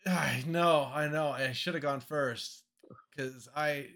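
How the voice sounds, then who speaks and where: A man co-hosting a casual chat show, rambling through his pitch with self-deprecating laughs. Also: slow, a loud crowd. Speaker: podcast co-host.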